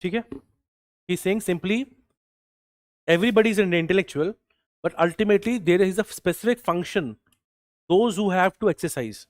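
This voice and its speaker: A man with an Indian accent teaching a class, mixing in Hindi and repeating phrases slowly so students can write them down. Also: high voice, no room sound, studio quality. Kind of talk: classroom lecture, dictating notes.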